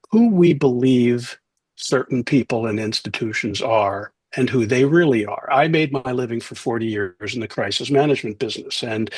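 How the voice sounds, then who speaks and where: A man's voice: mid-range voice, husky, dry recording. A middle-aged man telling wry stories in an interview, acting out the voices of people he quotes. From New Jersey, USA. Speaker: author and guest. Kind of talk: interview storytelling.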